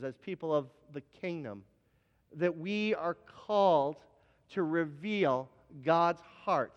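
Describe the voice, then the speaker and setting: A man's voice: fairly high pitch, fairly bright tone. A man preaching a sermon as pastor, telling a story with acted-out quotes and often repeating his words. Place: church sanctuary. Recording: dull, reverberant church hall.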